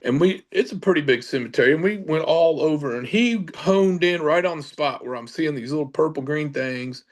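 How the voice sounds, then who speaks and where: A man's voice: fairly high pitch, normal speed, few pauses. A middle-aged man, a paranormal investigator, telling a casual story with many fillers and restarts.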